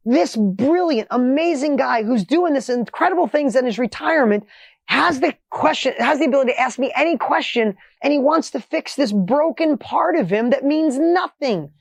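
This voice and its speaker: A middle-aged man telling a motivational story with energy and emphasis, his voice rising when excited. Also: very high voice, moderate pace, gravelly, no room sound. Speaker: motivational speaker.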